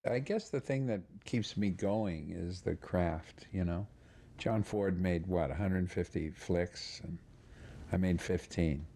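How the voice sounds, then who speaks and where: A modest, reflective film director with a very low, gravelly voice and a dark, mellow tone. He speaks in a documentary interview with faint ambient noise behind him. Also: slow pace.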